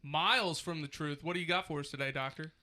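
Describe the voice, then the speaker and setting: A man's voice: fairly high pitch, fast, sharp tone. A man hosting a casual podcast chat, joking and laughing with his co-hosts. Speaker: podcast host.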